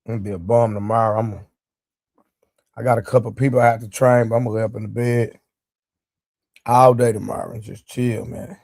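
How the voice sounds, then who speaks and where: A man's voice: on the low side, little pitch movement, fairly quick, gravelly, long pauses, darkish tone, no room sound, studio quality. Laid-back man hosting a live chat. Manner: loose, joking, talks straight to his chat. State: sore leg, eating during the stream. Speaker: livestream show host. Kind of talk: casual live-stream chat.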